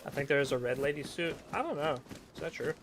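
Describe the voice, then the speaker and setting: A man's voice: a little high, expressive, fast. A man streaming a role-play game, chatting casually in a rambling, self-deprecating way, often mumbling. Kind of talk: casual gaming chat. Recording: noisy background.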